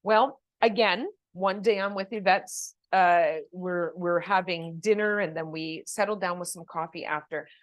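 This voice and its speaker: A woman's voice: on the low side, fairly even intonation, unhurried, few pauses, dry recording. A woman co-hosting a casual chat, patiently explaining spirit communication with leading questions. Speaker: medium, co-host.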